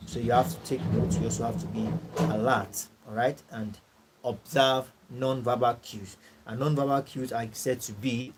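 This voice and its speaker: A man with a Nigerian English accent teaching a course class, repeating his points, clearing his throat and checking in with "all right" and "you know". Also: mid-range voice, noisy background. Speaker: course tutor. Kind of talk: classroom lecture.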